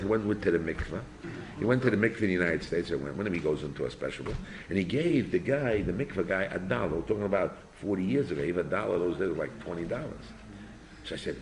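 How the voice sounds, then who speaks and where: An older man, a rabbi teaching a yeshiva class in an informal lecture, asking his students animated rhetorical questions. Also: deep voice, slight background noise.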